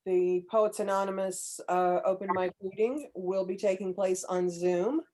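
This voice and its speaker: A woman gives casual announcements to her group over a video call. Her pitch is ordinary, and she talks in a chatty, halting way, filling the gaps with ums. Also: fairly even intonation, darkish tone. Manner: chatty, hesitant, lots of ums. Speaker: meeting organizer.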